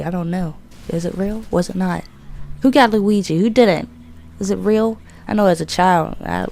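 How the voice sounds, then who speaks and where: A woman's voice: fairly low pitch, vocal fry. Profane young woman telling a story. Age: 20s. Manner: profane, animated storytelling with acted-out quotes. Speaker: YouTube gaming commentator. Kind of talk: casual storytelling vlog.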